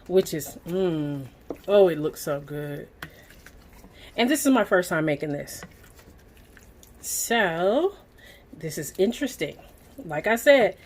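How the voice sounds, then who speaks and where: A middle-aged woman with a Southern US accent, chatting folksily to her viewers as she stirs and cooks in her home kitchen. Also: lowish voice. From Southern United States. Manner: folksy, talks straight to viewers while stirring. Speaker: cooking channel host. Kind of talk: chatty cooking demonstration.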